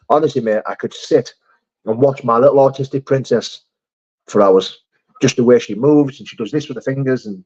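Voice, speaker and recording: A man's voice: mid-range voice, darkish tone. A man hosting a casual live stream, reading viewer comments aloud and answering them with frank, sweary chat. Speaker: livestream host. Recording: slightly dull lo-fi stream audio.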